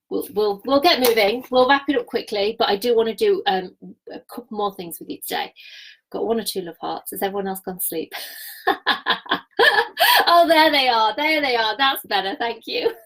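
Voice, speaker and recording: A woman, giving a live-streamed coaching talk in an energetic, chatty way and laughing often. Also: mid-range voice, rough recording. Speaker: business coach.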